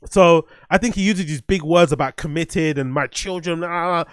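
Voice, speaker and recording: A podcast host with a somewhat high voice talks bluntly and swears freely. He works his thoughts out aloud in loose livestream commentary, with plenty of restarts. The sound is close and dry. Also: moderate pace, smooth, dry recording. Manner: blunt, profane, opinionated; thinks aloud with restarts and fillers.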